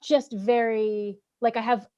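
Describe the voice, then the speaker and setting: A woman's voice: on the high side, flat delivery, slow pace, a little mellow, lo-fi sound. A woman hosting a casual interview, enthusiastic and rambling with many fillers. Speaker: interview host. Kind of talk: casual video-call interview.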